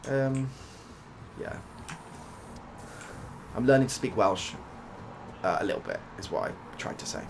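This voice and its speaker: With long pauses and a measured pace, a young man from the United Kingdom rambles through a story during soft-spoken gameplay, now and then letting a swear word slip. He's an ASMR gaming streamer with a mid-range voice. Background noise is present.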